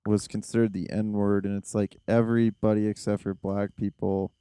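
A man hosting a podcast in casual chat, rambling and excitable with many fillers. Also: on the low side, moderate pace, clean tone, no room sound. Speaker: podcast host.

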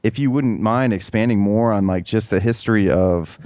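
A laid-back man hosts a podcast, asking long rambling questions in a fairly low voice. The sound is dry and dull, with a lo-fi quality. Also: moderate pace, no room sound. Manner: relaxed, loose, full of "like" and restarts. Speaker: podcast host. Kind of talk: casual interview chat.

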